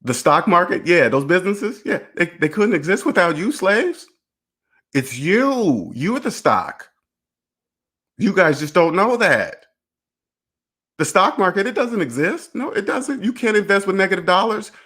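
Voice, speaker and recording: A man's voice: sits high, expressive, normal speed, bright, forceful tone. A man hosting his own personal finance channel, talking straight to the camera in a blunt, preachy way, firing rhetorical questions, swearing casually and laughing briefly. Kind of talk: casual direct-to-camera monologue.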